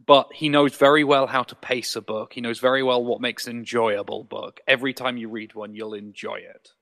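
A man co-hosting a podcast, explaining an author's work in a measured, casual way. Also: mid-range voice, fairly even intonation, vocal fry, a bit bright, long reverb tail. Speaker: podcast co-host. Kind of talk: casual book discussion.

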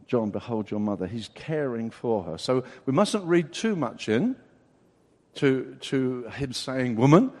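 A man preaching a sermon as pastor, explaining a Bible passage with rhetorical questions and an expository manner. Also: medium pitch. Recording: long hall reverb.

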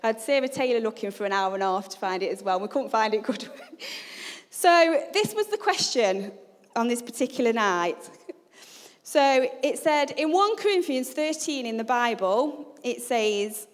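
A woman preaches with chatty humour and keeps asking her congregation for a show of hands. Her voice sits fairly high. The church hall around her gives a long, ringing reverb. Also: expressive, normal speed. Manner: chatty, humorous, asks the congregation questions. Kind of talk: sermon.

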